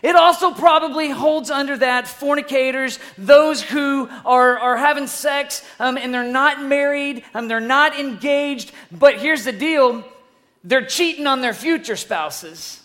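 High-pitched, animated preacher. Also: a little slow. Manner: emphatic, swinging between loud bursts and hushed asides, asks the listeners questions. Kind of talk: energetic storytelling sermon.

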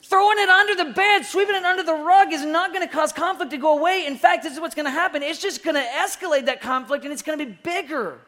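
A woman youth pastor preaching in a loose, conversational way to young listeners. Her talk is relaxed and everyday, with frequent restarts as she builds a point. She acts out the voices of the people she describes to make her points land. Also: high-pitched, quick pace, hardly any pauses. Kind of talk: sermon.

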